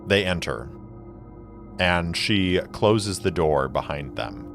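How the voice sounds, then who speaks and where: A man with a very low voice narrates a solo tabletop game in slow, deliberate storytelling. He lingers over each scene, and faint music plays underneath. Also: expressive, creaky, a bit bright.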